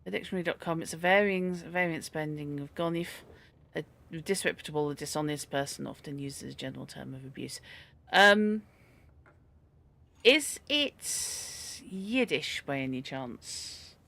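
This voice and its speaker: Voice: medium pitch, normal speed, creaky, fairly bright tone. A game streamer chatting and rambling while playing, musing aloud over word origins and character looks. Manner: chatty, reads from a dictionary, rambles, exclaims at a cat. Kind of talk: let's-play commentary.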